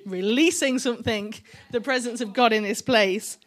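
A woman's voice: a little high, moderate pace, hardly any pauses. A middle-aged woman preaching a sermon, chatty and encouraging, with joking asides to the congregation.

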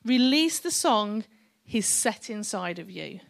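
A woman's voice: medium pitch, very animated, slow pace, creaky. A middle-aged woman preaching a sermon, chatty and encouraging, with joking asides to the congregation.

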